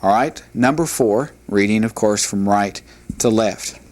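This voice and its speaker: A man teaching a Hebrew language lesson, reading word lists aloud in a measured, deliberate way and explaining syllables. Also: fairly low pitch, darkish tone. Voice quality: measured, deliberate delivery with pauses between drilled words.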